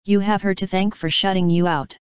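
A woman's voice: mid-range voice, steady tone, a little fast, smooth, dry recording, highs cut off, lightly acted. A woman voicing a mischievous, snooty male chaos spirit in a storybook reading, with a sneering manner.

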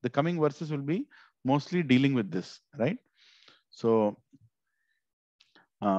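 A man's voice: medium pitch, expressive, measured pace, long pauses, a little mellow, no echo, highs cut off. A man with an Indian English accent, teaching a devotional scripture class in a conversational way and leading the group in recitation. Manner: conversational, leads call-and-response recitation.

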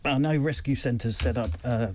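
A man's voice: medium pitch, normal speed, darkish tone, slight background noise. A man who is a regular tech contributor, bantering and teasing in a casual studio chat. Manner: teasing, joking.

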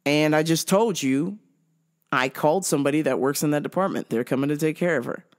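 A woman's voice: low-pitched, a little fast. A woman hosting her own show, telling a work story in a blunt, sarcastic way with lots of swearing and laughter mixed in. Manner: profane, frequently laughing while talking. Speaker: podcast host. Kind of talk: casual comedic storytelling.

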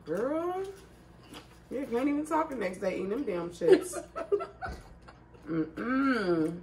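A woman's voice: on the high side, huge pitch swings, extremely slow, a little mellow, distant mic. A woman in her thirties swings her voice all over as she jokes and laughs her way through a casual eating chat. Her voice sits a little off from the mic, with faint noise behind her. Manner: laughs often, loose and salty.

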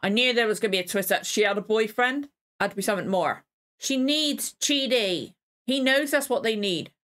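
A woman hosting a reaction video, chatting casually, excitable, swearing freely and getting emotional. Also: fairly high pitch, normal speed.

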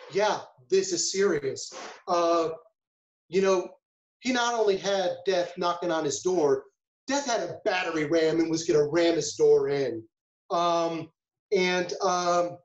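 A man's voice: on the high side, echoey room, dull audio. A man, a food safety chef, giving a casual webinar talk, chatty and full of rhetorical questions and storytelling asides.

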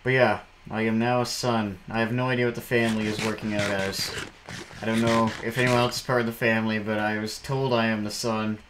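A man's voice: fairly low pitch, level tone, fairly quick, a bit bright, slight background noise, poor audio. A man giving casual commentary while playing a game, rambling and jumpy, breaking into shrieks when startled. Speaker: gameplay commentator.

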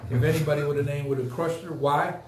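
A man's voice: fairly high pitch, fairly even intonation, quick pace, a little mellow, roomy sound, slight background noise. A man hosting a casual podcast, talking emphatically and repeating points for effect. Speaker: podcast host. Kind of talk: casual live podcast talk.

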